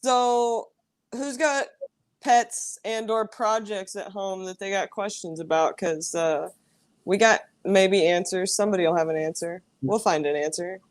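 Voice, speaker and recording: A woman hosts a relaxed livestream and chats in a loose, rambling way. She sounds upbeat and talkative. Her voice sits at an ordinary middle pitch. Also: unhurried. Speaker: host. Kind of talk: casual livestream chat.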